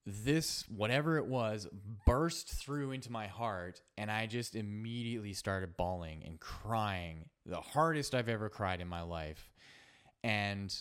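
Man, podcast host, low-pitched, resonant, earnest, halting storytelling. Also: a bit bright, clear, resonant tone. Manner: earnest, halting, with many restarts and fillers.

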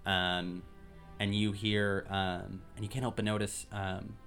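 A low-pitched man narrates a tabletop adventure as game master and pauses often with ums. Soft music plays faintly behind him. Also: gravelly. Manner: relaxed, many ums while describing.

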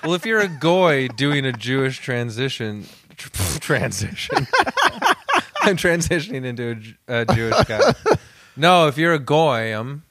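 Rambling joking man, mid pitch. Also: sing-song, a little slow, fairly bright tone. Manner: rambling, absurd jokes. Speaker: podcast co-host. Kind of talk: casual comedic chat.

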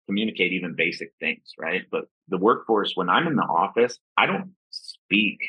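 Low, husky-voiced man from Ohio. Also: expressive, moderate pace, no echo. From Ohio, USA. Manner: chatty, self-deprecating, many fillers. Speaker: podcast guest. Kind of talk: casual interview talk. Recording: dull, slightly muffled sound.

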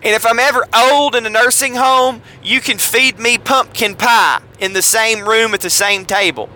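A man's voice: very high-pitched, moderate pace, sharp tone, voice pushed up, exaggerated voice. A man putting on the voice of an older Southern male chauffeur, drawling and folksy with a Southern US accent. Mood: scolding. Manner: drawling, scolding, folksy dialect.

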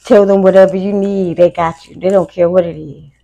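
A woman's voice: lowish voice, flat delivery, dark tone, lo-fi sound. A woman giving a casual, emotional live tarot reading to her viewers. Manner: slow, gravelly, chatty, emotional. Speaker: tarot reader.

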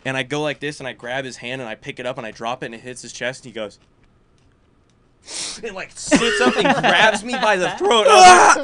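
Rowdy host guy, voice a bit high, swears and yells the funny parts. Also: expressive, fairly quick, no echo. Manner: rowdy storyteller acting out shouted quotes. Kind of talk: casual chat.

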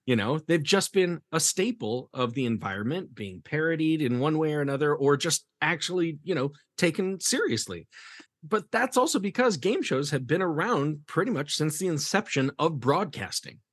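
A man's voice: on the high side, animated, normal speed, no echo, clean studio sound. A man hosting a theater history podcast, chatting casually, laughing often and reading quotes aloud. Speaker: podcast host. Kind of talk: casual chat.

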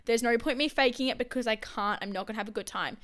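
Young woman, podcast co-host, higher voice, clean tone, casual storyteller. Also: quick pace, a bit bright. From Australia. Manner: chatty storytelling, lots of "like" and "yeah". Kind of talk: casual chat.

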